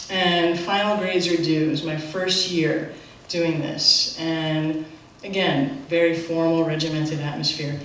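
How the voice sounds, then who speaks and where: A middle-aged woman telling a live personal story on stage, animated and self-mocking, with quick asides. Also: sits low, a little hiss or hum. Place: theater stage. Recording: echoey theater from far off.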